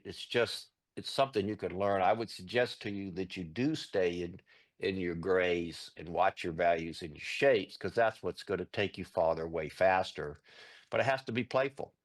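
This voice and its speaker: A middle-aged man, a guest artist, telling stories in a casual interview, animated and rambling with many restarts. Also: fairly low pitch.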